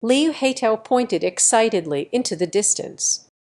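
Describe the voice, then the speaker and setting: Slow-reading woman narrator. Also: fairly high pitch, lively intonation, a little mellow. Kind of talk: scripted audiobook narration.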